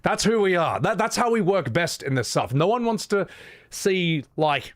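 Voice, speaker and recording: A young Australian man rants about game trailers to his chat, swearing freely. His voice is fairly high for a man and swings widely in pitch as he gets worked up. The sound is dry and close to the mic. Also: moderate pace, no room sound. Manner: ranting, sweary, animated. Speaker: streamer reacting to trailers. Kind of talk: casual livestream reaction.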